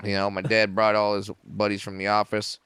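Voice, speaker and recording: Smooth-voiced joking comedian, dry sound. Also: male voice, fairly low pitch, completely flat delivery, brisk, a bit bright, no room sound. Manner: profane, joking, self-mocking. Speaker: comedian guest. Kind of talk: casual podcast storytelling. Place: small podcast studio.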